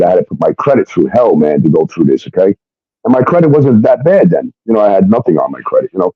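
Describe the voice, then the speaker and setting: A man recounts his story with a lively, swinging delivery, leaning hard on emphasis and the odd curse. The recording is dull and lo-fi, with a dry, close sound. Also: fairly low pitch, quick pace, husky, dry recording. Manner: emphatic, profane, keeps adding "okay?". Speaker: guest. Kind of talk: casual storytelling.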